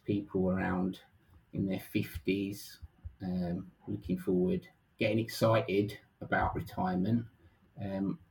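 A middle-aged man talks casually as an interview guest, easygoing and full of hesitant ums. His voice is low with a noticeable gravelly fry. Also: rough recording. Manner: relaxed, hesitant, frequent ums. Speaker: guest, financial planner.

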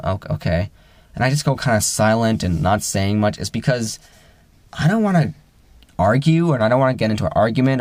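A young man casually telling a personal story, rambling with many fillers and restarts, and lifting his voice to act out the friends he quotes. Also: no echo. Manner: acts out quoted friends with rising pitch.

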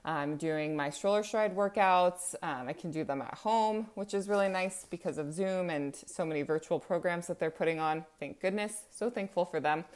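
A woman's voice: lowish voice, normal speed, few pauses. A woman in her thirties hosting a casual solo podcast, chatty and a bit self-conscious, with frequent ums. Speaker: podcast host.

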